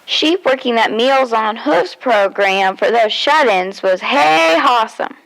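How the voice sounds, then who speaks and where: A woman's voice: on the high side, animated, slow, creaky, fairly bright tone, a little hiss or hum, heavily acted, rough recording. A woman voicing a male donkey puppet in a children's puppet show, braying in the middle of words. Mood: cheerful. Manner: brays mid-word.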